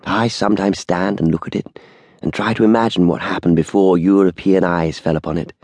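A man's voice: sits low, steady tone, a little fast, a little mellow, no room sound. A man voicing a courteous, deferential old shop assistant who speaks formally and politely. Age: older.

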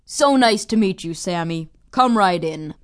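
A woman voicing a friendly middle-aged father who speaks gently and politely in an audiobook. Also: on the low side, animated, a little slow, voice pushed down. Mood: gentle. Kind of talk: audiobook character voice.

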